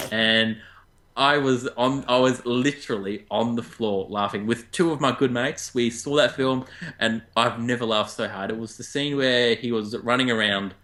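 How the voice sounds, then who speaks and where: A man with an Australian accent, co-hosting a casual weird-news podcast and chatting in a lively, joking way. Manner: chatty, jumps up in pitch for jokes. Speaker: co-host.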